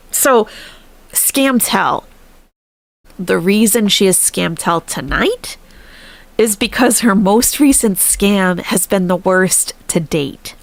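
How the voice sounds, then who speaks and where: A woman's voice: medium pitch, vocal fry, dry recording. A woman hosting a live stream, chatting casually and animatedly, laughing often and thanking viewers.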